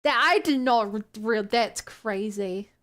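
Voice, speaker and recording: Reading chat on her stream, a young New Zealand woman talks casually, playful and incredulous, laughing and exclaiming in disbelief. Her voice sits on the high side, a bit bright, and she speaks a little slowly.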